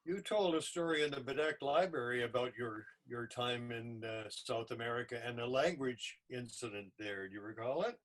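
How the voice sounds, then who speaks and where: A man hosts a storytelling session over a video call. He invites each guest to speak in a polite, prompting way, at a middle pitch. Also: moderate pace, few pauses, a bit bright, low-quality recording. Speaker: host storyteller.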